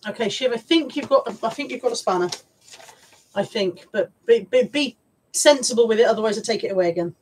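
A livestream host chats informally with viewers from her home, surrounded by piles of stuff, reading out their comments and swearing now and then. Her voice is on the high side, animated, brisk, and a bit breathy.

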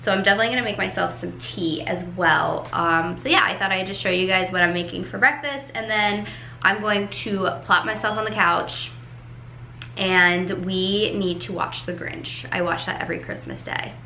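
A woman's voice: mid-range voice, normal speed, gravelly, bright, forceful tone, slight background noise. A young woman vlogging casually at home, chatty and gushing, with plenty of filler "like"s. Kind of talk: casual vlog talk to camera.

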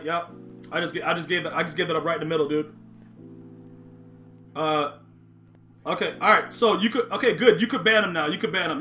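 A man's voice: fairly high pitch, brisk, long pauses, bright, forceful tone. A young man live-streaming a football video game, reacting to chat and play, often repeating himself. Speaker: gaming streamer.

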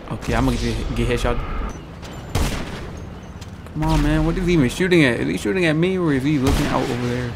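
A man's voice: fairly high pitch, gravelly. A young man commentating his own gameplay and taunting opponents with the same lines again and again. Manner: trash-talking, repetitive taunts to opponents. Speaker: gaming YouTuber. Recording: noisy with gunfire in the background. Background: game gunfire and explosions.

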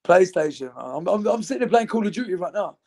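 Gravelly young man chatting. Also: sits high, lively intonation, fast, darkish tone. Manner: laddish banter, loose and rambling. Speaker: interviewee. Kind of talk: casual chat.

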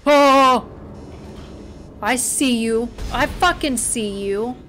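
A woman narrates her own horror-game run in a casual, unhurried way. Her voice sits a little high, and she swears in jumpy outbursts between dry, joking asides. Soft game music runs quietly behind her. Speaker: gamer playing a horror game. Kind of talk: casual let's-play commentary.

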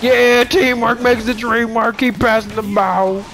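A man's voice: very high voice, level tone, measured pace, loud music behind the voice. A young man chatting and laughing through a team video game with friends, teasing and giggly. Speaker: gamer. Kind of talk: casual gaming chat.

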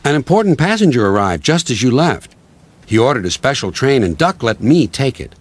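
A man voicing a gentle, polite male engine who speaks softly. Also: medium pitch, very animated, fairly quick.

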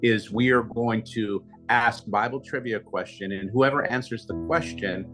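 A man recounts a personal story as a guest in an interview, speaking at an ordinary mid pitch. He tells it animatedly, often repeating "he said" before he acts out the quotes. Faint music plays underneath. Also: steady tone, moderate pace, fairly bright tone.

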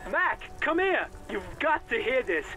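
An actor playing a mocking male police sergeant who jeers loudly over the radio in a video game. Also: very high-pitched, big pitch swings, a little slow, exaggerated voice. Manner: jeering and loud. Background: game music.

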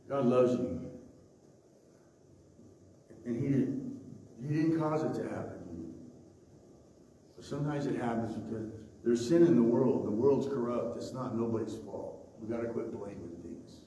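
A man's voice: medium pitch, a little slow, long pauses, mellow, a little hiss or hum. A man preaching a sermon as pastor, emphatic and repetitive, often stopping to say "okay?" and "listen". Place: church sanctuary. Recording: echoey church hall, distant mic.

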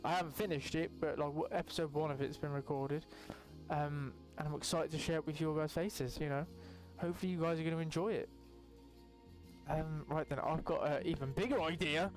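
A young channel host gives casual, excitable commentary over gameplay at a brisk clip, with faint music in the background. He swears often and breaks into high yelps.

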